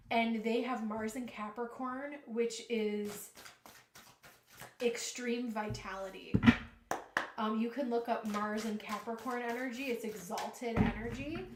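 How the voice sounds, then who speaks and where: A woman giving a live tarot reading, earnest and emotional, often halting and restarting. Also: fairly high pitch, reverberant, noisy background. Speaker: tarot reader.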